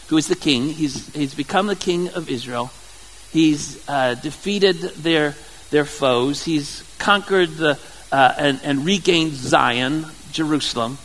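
Male pastor, high voice, sermon delivery, conversational and halting; reverberant hall. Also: fairly bright tone, a little hiss or hum. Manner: conversational, halting, repeats words.

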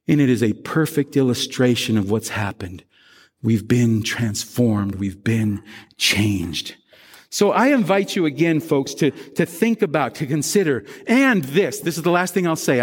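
A man preaching a sermon as pastor, animated, acting out the worries of churchgoers. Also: medium pitch, in a large hall.

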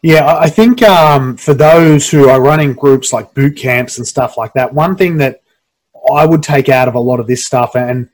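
A man hosting a casual interview on a video call, halting with many restarts. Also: mid-range voice, rough recording. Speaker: podcast host.

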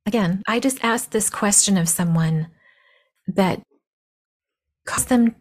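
A woman's voice: mid-range voice, takes it slowly. A woman in her fifties hosting a podcast, telling a personal story in a blunt, candid way, her voice scratchy from a cold. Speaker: podcast host.

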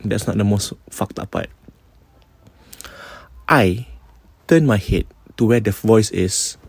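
Gravelly Singaporean man telling ghost stories. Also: lowish voice, slow, dry recording. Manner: animated storytelling, mixing in Malay phrases and swearing. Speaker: podcast host. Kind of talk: casual ghost-story retelling.

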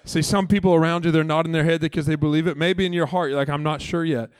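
A man's voice: a little high, fairly even intonation, fast talker, clear, resonant tone, dry recording. A man preaching a church sermon as pastor, earnest and emphatic, with chatty asides to the congregation. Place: church service.

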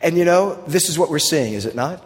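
A man preaching a sermon in a conversational way, reading scripture aloud slowly and with emphasis. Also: a little high, animated. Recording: long hall reverb.

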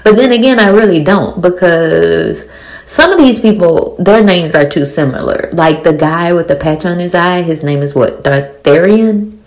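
A woman in her forties with a thick Louisiana accent talks through a TV episode in a casual recap. Her voice sits low and has a gravelly edge. She is blunt and animated, swears freely, and fires off rhetorical questions. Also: normal speed. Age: 40s. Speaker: TV show reviewer.

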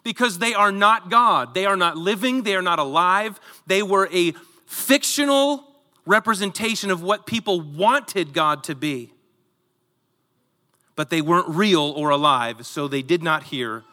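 Animated high-voiced preacher, echoing hall. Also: male voice, a little slow. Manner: animated storytelling, acts out voices. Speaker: pastor. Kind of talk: sermon.

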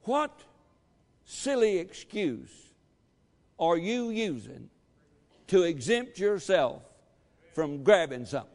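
A pastor with a notably high voice delivers his sermon at an unhurried, measured pace. He leans on key words and rises to shouts at the climaxes. The sound carries the long reverb of a church sanctuary. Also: sing-song. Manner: emphatic, calls for amens, shouts at peaks.

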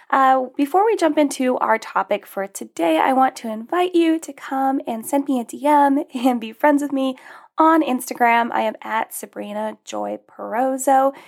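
A woman's voice: high voice, gravelly, darkish tone. A young adult woman hosting her own podcast, talking in a chatty, upbeat and self-reflective way. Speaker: podcast host. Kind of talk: casual solo podcast talk.

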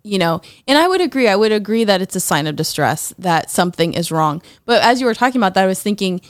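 A woman's voice: mid-range voice, big pitch swings, fast, no echo, clean studio sound. Reflective woman asking questions. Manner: reflective, asks rhetorical questions, many "you know"s. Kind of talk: casual conversational chat.

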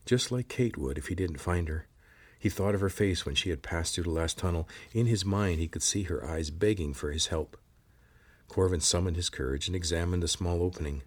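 Low husky male audiobook narrator. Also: fairly quick.

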